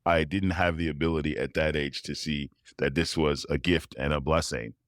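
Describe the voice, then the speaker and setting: A man, a tuba player, telling personal stories as a guest, animated and often laughing. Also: extremely low pitch, normal speed, no room sound, studio quality. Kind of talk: interview storytelling.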